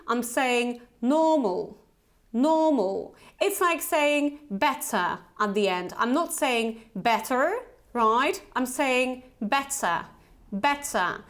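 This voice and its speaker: Slow, high-voiced woman teaching pronunciation. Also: animated, a bit bright. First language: Polish. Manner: slow, deliberate, repeats words for learners to echo. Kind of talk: online pronunciation lesson.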